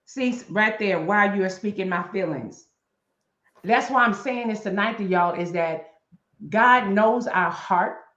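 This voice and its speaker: A woman's voice: mid-range voice, normal speed, fairly bright tone. A middle-aged woman, a guest on a live chat show, speaking passionately about grief, repeating points for emphasis in a blunt, preacher-like way with some profanity. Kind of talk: impassioned talk on grief. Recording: roomy, slightly dull live-stream audio.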